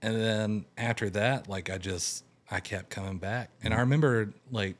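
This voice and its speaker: A young man with a fairly low voice speaks at a moderate pace, a guest in casual conversation telling a long personal story. He's animated, raising his voice whenever he acts out what people said.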